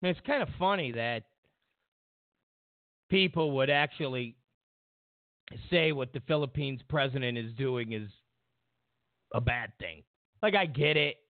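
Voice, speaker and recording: Speaking a little slowly and pausing often, a medium-pitched man hosts a political commentary show. He meanders with frequent fillers and restarts and mimics others mockingly, and the audio is dry and tinny, phone-like, with no echo.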